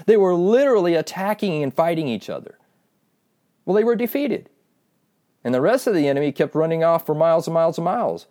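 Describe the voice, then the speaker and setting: A man preaching a sermon, retelling a Bible story in an animated way, slowing down for emphasis and speaking straight to his listeners. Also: on the high side.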